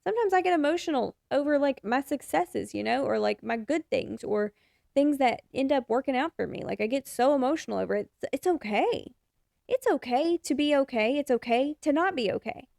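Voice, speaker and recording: A woman's voice: high voice, lively intonation, brisk, gravelly, darkish tone, no echo, clean studio sound. A young adult woman hosting a podcast, giving frank, encouraging advice in a casual way and swearing now and then. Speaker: podcast host and photographer.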